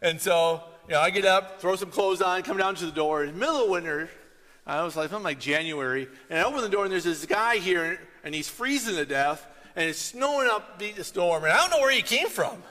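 A male pastor with a high, bright voice that swings widely in pitch as he preaches. He tells stories with animation and plays out the other voices himself. His words ring with the long reverb of a church hall. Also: fairly quick. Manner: animated storytelling, acts out quoted voices. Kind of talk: sermon with personal story.

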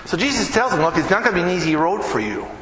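A man's voice: high-pitched, sing-song, very fast, very echoey, in a large hall, noisy background. A man preaching a conversational sermon as pastor, often turning to the listeners with questions.

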